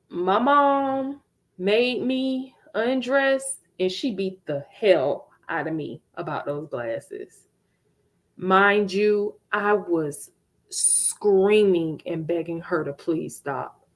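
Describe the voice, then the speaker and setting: A woman's voice: mid-range voice, animated, takes it slowly. A woman podcast host earnestly telling a personal story, emphatic and candid. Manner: earnest, emphatic, with rueful laughs.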